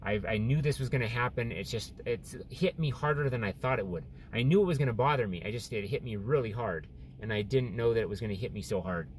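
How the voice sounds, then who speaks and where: A man recording a personal video diary about his surgery recovery, speaking haltingly with many restarts, depressed and close to tears. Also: medium pitch, slight background noise. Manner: halting, many restarts and fillers, openly discouraged. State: depressed and tearful. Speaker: vlogger sharing surgery recovery. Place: in and around a store.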